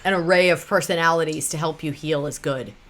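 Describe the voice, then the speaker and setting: A woman's voice: low voice, fairly quick, a bit bright. A woman co-hosting a podcast, listening and reacting with short replies and brief follow-up questions. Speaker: podcast co-host. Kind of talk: casual chat, listening and reacting.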